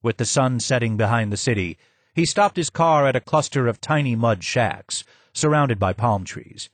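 A man narrating a first-person audiobook in a measured, descriptive way. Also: medium pitch, expressive, dry recording.

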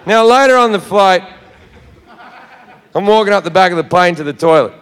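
A man's voice: high voice, normal speed, clear, resonant tone. Brash, profane Australian man on stage. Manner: profane, brash, animated storytelling. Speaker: stand-up comedian. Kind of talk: stand-up storytelling. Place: live venue with audience. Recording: echoey hall with crowd noise.

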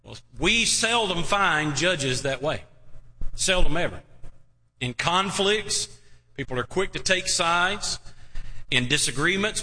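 A male pastor preaches a sermon to his congregation in a church sanctuary, drawing out words emphatically and posing rhetorical questions to them. His voice is a little high, pushed and bright, and the hall is reverberant.

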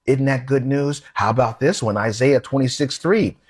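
A man's voice: medium pitch, normal speed, few pauses. A man preaching a sermon in a conversational, emphatic way, posing questions to his listeners.

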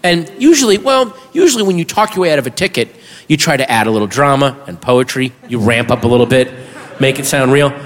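A man doing a stand-up comedy routine, animated and bursting into high shouted punchlines. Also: fast talker, in a large hall.

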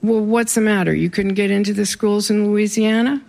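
A wry male governor asks sly, teasing questions in a very gravelly voice, as a reader quotes him aloud. His lines are short jabs of dialogue dropped into a live reading. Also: mid-range voice, steady tone, moderate pace, darkish tone, lightly acted.

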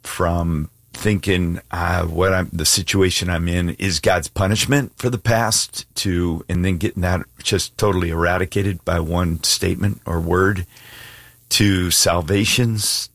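Male call-in radio host, low voice, dry studio sound, warm and affirming. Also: vocal fry, no room sound. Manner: warm, affirming, introduces callers. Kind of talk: casual radio chat with callers.

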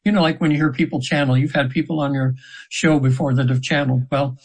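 This hypnotherapist in his 70s, guesting on a casual storytelling interview, wanders through his session anecdotes with sincerity and frequent restarts. He speaks fast in a steady, mid-range voice that carries some breathiness, and the audio is poor.

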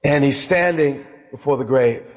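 A man preaching a sermon as a bishop, impassioned, swinging from hushed lines to loud ones. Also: mid-range voice, normal speed. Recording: hall reverb.

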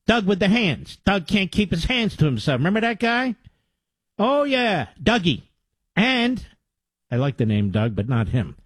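A man's voice: high voice, husky, no room sound. A man hosting a talk radio show, delivering a combative, sarcastic monologue into a studio mic.

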